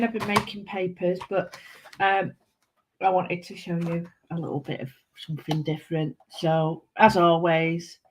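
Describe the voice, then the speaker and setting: A woman with a Manchester accent hosting a live craft stream, chatting warmly to viewers and greeting them by name. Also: lowish voice. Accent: Mancunian. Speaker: craft channel host.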